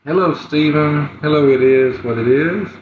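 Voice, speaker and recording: A man hosting a live stream, greeting viewers by name in an unhurried way with fillers. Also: fairly high pitch, slight background noise. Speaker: livestream host. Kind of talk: casual live-stream chat. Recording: roomy, dull lo-fi livestream audio.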